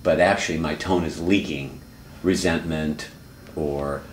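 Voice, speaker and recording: A man counseling someone in a calm, reflective, coaching way. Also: a bass voice, unhurried, echoey room, slight background noise. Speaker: therapist and teacher. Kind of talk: counseling dialogue.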